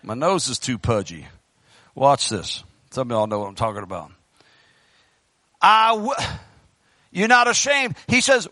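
Male pastor, high-pitched, bright tone, passionate sermon delivery into a church microphone. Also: very animated, takes it slowly, dry recording. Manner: fervent preaching, swinging between loud bursts and hushed pleading. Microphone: handheld microphone.

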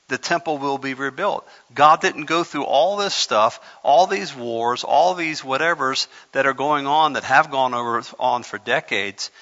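A man preaching as pastor, animated, repeating words and pushing sudden loud emphasis. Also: mid-range voice. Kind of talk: sermon. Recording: dull sound in a reverberant hall.

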